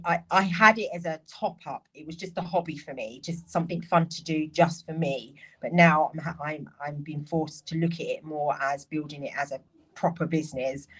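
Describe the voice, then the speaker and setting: Woman, middle-aged, slightly low voice, nervous, chatty phone livestreamer who gushes thanks to her viewers. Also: low-quality recording. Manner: nervous, chatty and effusively grateful. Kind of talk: casual livestream chat.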